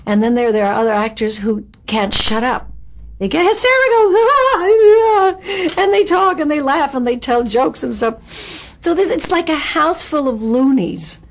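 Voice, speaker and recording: An older woman tells backstage anecdotes from her acting career in an interview. She is animated and self-mocking and laughs at her own stories. Her voice sits at an ordinary middle pitch for a woman.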